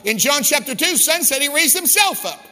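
Male pastor, emphatic sermon, bright high voice, long hall reverb. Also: expressive, moderate pace. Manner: emphatic preaching, drops into hushed storytelling.

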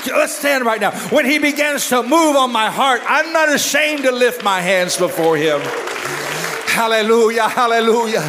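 Fervent high-voiced male preacher. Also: background noise. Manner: fervent, shifts between hushed and shouted prayer. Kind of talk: impassioned altar-call sermon. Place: church service. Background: musicians playing.

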